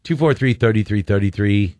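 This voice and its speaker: A man's voice: lowish voice, a little fast, a little mellow, no room sound. A man hosting a call-in radio show, joking with callers and laughing often. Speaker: radio host.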